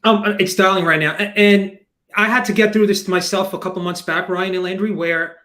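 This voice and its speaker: An excitable man with a notably high voice talks in a rushed, chatty way. He keeps tumbling from one thought to the next as he works the phones. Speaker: investor making cold calls. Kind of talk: excited casual chat on a livestream.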